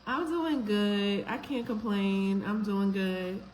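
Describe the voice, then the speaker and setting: A woman's voice: medium pitch, takes it slowly, faint music behind. Upbeat woman hosting a live stream, roomy. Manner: warm, affectionate, greets viewers by name. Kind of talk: casual live-stream chat greeting viewers. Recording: echoey room with faint background noise.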